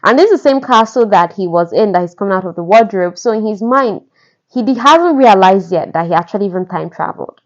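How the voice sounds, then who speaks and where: A woman's voice: mid-range voice, lively intonation, brisk. Chatty woman retelling a novel. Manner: gushing, conversational, asides to the listener. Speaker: podcast narrator retelling a novel. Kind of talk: casual chatty storytelling. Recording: dull lo-fi recording.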